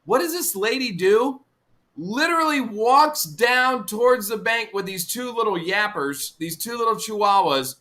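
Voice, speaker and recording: A man guest on a fishing stream, telling stories in an animated, swearing way. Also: high voice, measured pace. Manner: animated, swearing anecdote teller. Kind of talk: casual storytelling chat.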